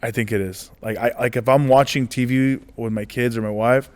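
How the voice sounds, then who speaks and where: A man's voice: mid-range voice, a little fast. Rambling forty-year-old male comedian. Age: 40s. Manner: rambling, animated storyteller acting out dialogue. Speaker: comedian guest. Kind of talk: casual interview storytelling.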